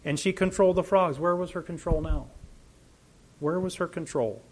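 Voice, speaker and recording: A man preaching a sermon, animated and full of rhetorical questions, swinging between loud emphasis and quiet asides. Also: on the high side, moderate pace.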